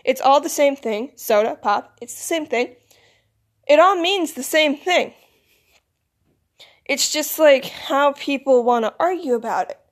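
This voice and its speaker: A woman with a Michigan accent rambles through a casual vlog monologue in a somewhat high voice. She sounds groggy, as if she woke up not long ago. Her talk is loose and full of "like" and "you know". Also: lively intonation, unhurried, long pauses. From United States. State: groggy, recently woken. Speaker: vlogger.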